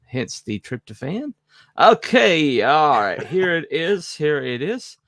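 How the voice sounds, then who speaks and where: A man's voice: fairly high pitch, sing-song, slow pace, creaky, fairly bright tone, no room sound. Rambling man on a podcast. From Southern United States. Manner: rambling, self-mocking, full of fillers and asides. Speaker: podcast co-host. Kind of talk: casual chat.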